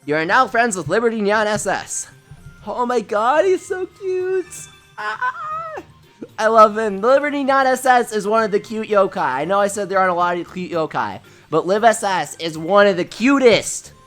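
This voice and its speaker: A woman streaming a game live, giggling often and gushing with excitement over her pulls. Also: mid-range voice, a little fast, hardly any pauses. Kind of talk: live-stream gameplay commentary. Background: faint game music.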